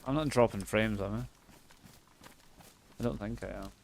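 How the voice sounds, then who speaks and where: A man's voice: fairly low pitch, moderate pace, gravelly, slight background noise. A Scottish man live streaming a game, chatting casually and swearing freely as he thanks viewers. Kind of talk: casual gameplay chat.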